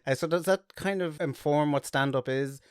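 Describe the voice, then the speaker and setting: A man's voice: on the high side, normal speed, clean tone, no echo, studio quality. A man hosting a podcast, chatting casually and telling anecdotes. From Ireland. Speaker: podcast host. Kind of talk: casual interview chat.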